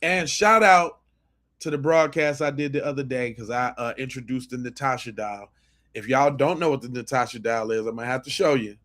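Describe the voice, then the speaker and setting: A man's voice: mid-range voice, fairly quick, a bit bright. A man hosting a podcast, giving blunt, profane commentary on video clips and often repeating and restarting his phrases. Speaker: podcast host.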